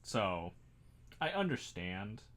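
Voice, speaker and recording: A man's voice: fairly low pitch, sing-song, takes it slowly, fairly bright tone. A man hosting a casual livestream while building a model kit. He rambles, mocks himself and laughs often.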